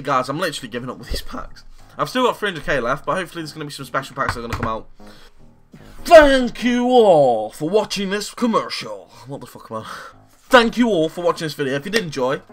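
A man giving goofy, jokey commentary while opening game packs, swinging from mock despair to excited shouts. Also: medium pitch. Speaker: gaming YouTuber.

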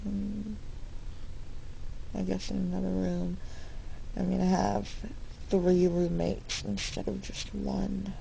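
Young woman, dorm-room video diary: slow, rambling and candid, dark gravelly tone. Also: mid-range voice, little pitch movement, a little hiss or hum, poor audio. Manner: rambling and candid, with frequent fillers and self-corrections. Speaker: vlogger.

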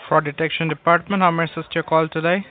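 Guy on a thin phone line, fairly high voice, mocking, cusses constantly. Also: little pitch movement, quick pace, no room sound. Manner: mocking, swears a lot. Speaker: phone scammer.

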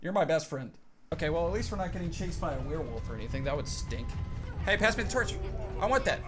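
A young man giving jokey, excited commentary as he plays a game, chatting to his companion and yelping at scares. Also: fairly high pitch, quick pace, over music. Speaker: gaming YouTuber. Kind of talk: excited let's-play commentary.

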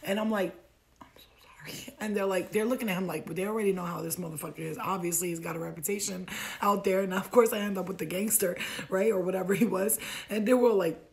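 A young American woman telling a funny travel story to camera, animated and profane, laughing often. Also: medium pitch, fast, gravelly. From United States. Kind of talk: storytime vlog.

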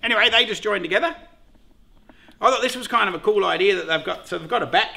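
A middle-aged Australian man hosting a beekeeping vlog, chatting casually in a jokey, excitable way and swearing freely. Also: high voice, fast, creaky, slight background noise. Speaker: beekeeper host.

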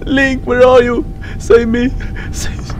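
A woman commentating a horror game playthrough, jumpy and frightened, swearing, laughing nervously and shouting in fright. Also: medium pitch, lively intonation, measured pace, heavy background noise. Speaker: gaming channel host. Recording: game music behind the voice.

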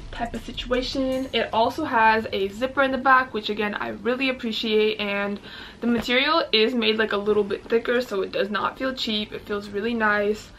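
A woman's voice: on the high side, fairly bright tone, far from the mic. A young woman doing a fashion try-on haul, bubbly and gushing, with lots of "like" filler. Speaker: fashion vlogger.

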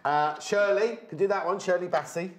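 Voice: medium pitch, normal speed, slight background noise. Bubbly craft-show presenter. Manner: bubbly, rambling, jokey asides. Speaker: TV shopping presenter. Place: TV studio.

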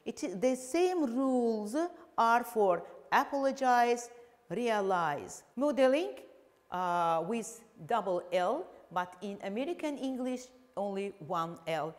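A woman English teacher with an Azerbaijani accent, slowly explaining a televised lesson with frequent fillers. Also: on the high side, animated, in a large hall. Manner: slow, deliberate explaining with fillers.

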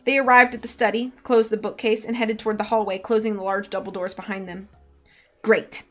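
A woman's voice: mid-range voice, level tone, quick pace, a bit bright, soft background music. A woman reading a storybook aloud on a live stream, chatting with her viewers in between.

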